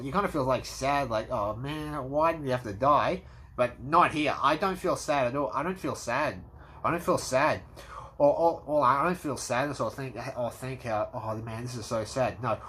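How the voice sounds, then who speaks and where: Excitable man reviewing a movie. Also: medium pitch. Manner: excitable, swears freely, acts out movie scenes. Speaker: movie commentator. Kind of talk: casual movie review monologue.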